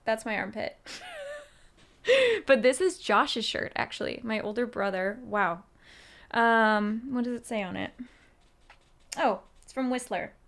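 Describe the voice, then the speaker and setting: Woman musician streamer, rambling casual chat with viewers, lots of filler, voice slightly high. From United States. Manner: rambling and chatty, full of "um" and "like". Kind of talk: casual livestream chat, answering chat.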